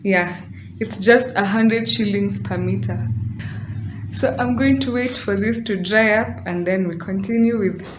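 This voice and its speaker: A woman from Kenya chatting casually through a home DIY vlog, excitable and laughing at her own mess. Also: mid-range voice, measured pace, a little hiss or hum. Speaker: DIY vlogger. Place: indoor room at home. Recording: roomy home audio with faint background.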